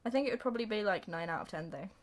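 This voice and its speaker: A woman's voice: medium pitch, animated. A young woman reviewing a film in a casual, giggly way, often laughing and bursting into sung snippets. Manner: giggly, breathless retelling with sung bits and quick voice changes.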